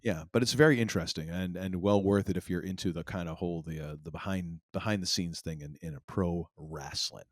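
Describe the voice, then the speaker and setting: A low-pitched man from Maine chats casually on a podcast, rambling and circling back with fillers and restarts. His voice sits close to the mic in a dry, dead-sounding space. The talk is loose and easygoing. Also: a little fast, hardly any pauses, no echo. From Maine, USA. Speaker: podcast co-host. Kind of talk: casual chat.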